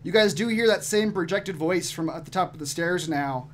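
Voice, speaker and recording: A man's voice: sits high, moderate pace, a bit bright. A man running a tabletop game online as game master, loose and chuckling, with many ums.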